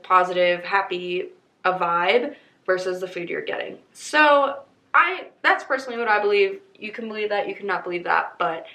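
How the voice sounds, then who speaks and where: A woman's voice: mid-range voice, fairly bright tone, roomy sound, rough recording. A young woman in her twenties hosting a podcast, chatting casually and upbeat, speaking straight to her listeners. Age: 20s. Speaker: podcast host. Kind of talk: casual chat.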